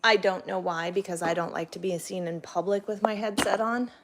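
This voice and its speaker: A woman's voice: medium pitch, fairly even intonation, brisk, noisy background. A woman truck driver from Texas, chatting casually on a livestream in a sarcastic, swearing manner.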